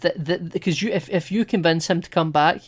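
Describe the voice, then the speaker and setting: A man co-hosting a podcast, talking casually and with opinions about a film, retelling scenes in an animated way and swearing now and then. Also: a little high, moderate pace. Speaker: podcast co-host.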